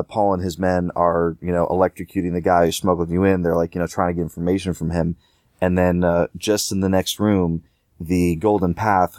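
A man's voice: sits low, darkish tone, dry recording, clean studio sound. A man co-hosting a casual gaming podcast, rambling with lots of fillers and restarts.

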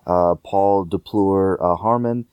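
A man's voice: low-pitched, slow, a little mellow, smooth, no room sound. A man co-hosting a casual gaming podcast, rambling with lots of fillers and restarts.

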